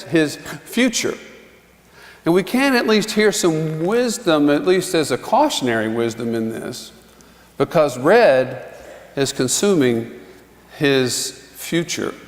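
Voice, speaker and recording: Pastor preaching in a reverberant church. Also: male voice, on the high side. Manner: conversational, chuckling asides, acts out quotes. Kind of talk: sermon. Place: church sanctuary.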